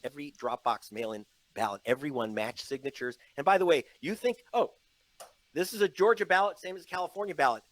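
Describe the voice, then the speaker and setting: Male interview guest, journalist type, emphatic storyteller, voice on the high side. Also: brisk, poor audio. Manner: emphatic, storytelling, mocking put-on quotes. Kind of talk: animated interview talk. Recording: played from an online interview.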